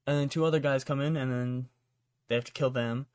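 A man's voice: medium pitch, steady tone, brisk, darkish tone, clean tone, no echo, clean studio sound. A man hosting a podcast, rambling through a casual plot recap full of swearing and fillers. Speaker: podcast host. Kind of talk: casual chat.

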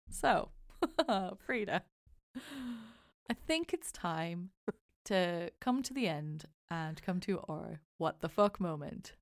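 A woman's voice: fairly low pitch, animated, slow, no room sound, clean studio sound. A woman co-hosting a podcast, chatting about a film in a rambling, casual way. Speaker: podcast co-host. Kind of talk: casual movie review chat.

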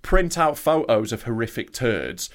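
Animated man telling a story. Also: medium pitch, a little slow. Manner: animated storytelling, swearing, acting out both sides of an argument. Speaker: podcast co-host. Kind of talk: casual comedy chat.

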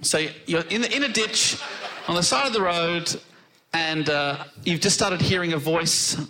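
Bright, enthusiastic podcast host man. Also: high-pitched, measured pace, a little hiss or hum, poor audio. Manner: enthusiastic, summarising a book with jokey praise. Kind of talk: live comedy podcast storytelling.

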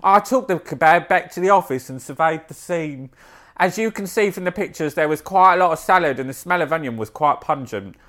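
A man's voice: a little high, expressive, fairly quick, a bit bright. A man co-hosting a casual chat, reading news stories aloud with amused asides and frequent laughter. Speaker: podcast co-host.

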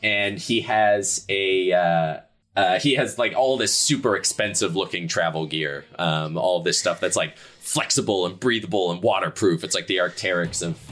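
A man's voice: deep voice, normal speed, fairly bright tone. A man acting as dungeon master and host, narrating a tabletop game in a loose, chatty way with jokes and fillers.

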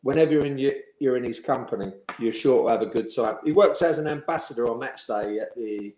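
A man's voice: medium pitch, fairly quick, a little mellow, slight background noise. Male ex-player interviewee, anecdotal and amused, middle voice, echoey room. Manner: chatty storyteller, laughs while telling. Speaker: former professional footballer, interviewee. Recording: roomy echo.

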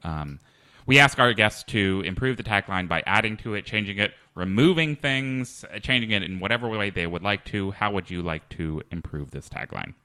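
A man hosting a comedy podcast, talking hesitantly with many fillers and a deadpan manner. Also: fairly low pitch, moderate pace, smooth, dry recording. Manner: hesitant, lots of ums and restarts, deadpan. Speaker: podcast host. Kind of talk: casual comedy podcast chat.

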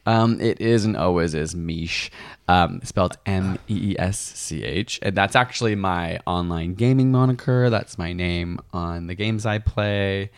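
A man with a fairly low voice talks in a loose, easygoing way. His speech is full of filler words as he chats casually as a podcast co-host. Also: measured pace, clean tone. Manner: relaxed, filler-heavy chatter. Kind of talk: casual chat.

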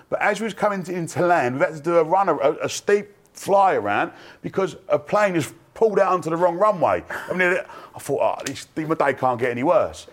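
A man's voice: a little high, lively intonation, fairly quick, few pauses. A man, telling a long anecdote breathlessly and laughing as he goes on a fan panel. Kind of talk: animated storytelling.

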